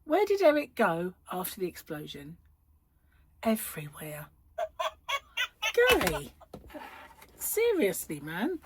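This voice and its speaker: A woman's voice: mid-range voice, huge pitch swings, slow, long pauses, noisy background. A middle-aged woman hosting a crochet channel, chatting casually at home, rambling and laughing often. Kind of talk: casual chat to camera. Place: at home, indoors.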